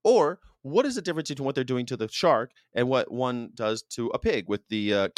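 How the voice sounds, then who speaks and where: A man hosting his own show, talking in a casual, animated and emphatic monologue full of restarts. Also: mid-range voice, fairly quick, dry recording, studio quality. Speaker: show host.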